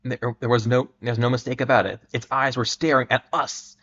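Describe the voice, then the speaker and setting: A man giving a dramatic reading of an old adventure story at a measured pace, sometimes stumbling and restarting words. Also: medium pitch, little pitch movement, fairly bright tone. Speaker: reader. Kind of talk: dramatic reading of pulp fiction. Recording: muffled lo-fi recording.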